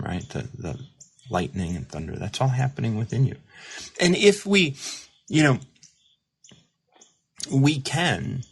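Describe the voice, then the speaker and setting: Male host, deep voice, rambling reflective livestream talk. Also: gravelly, husky. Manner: rambling, reflective, many fillers and restarts; reads viewer comments aloud. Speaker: recovery mentor and show host. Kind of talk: casual livestream monologue.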